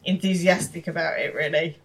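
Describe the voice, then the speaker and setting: A woman's voice: on the low side, steady tone, a little fast. A woman co-hosting a podcast, describing scenes and explaining British slang in casual chat. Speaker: podcast co-host.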